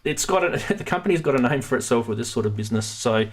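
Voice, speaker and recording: Man, live-stream host, casual rambling chat, mid-pitched voice. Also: lively intonation, quick pace. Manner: rambling, self-interrupting, chatty.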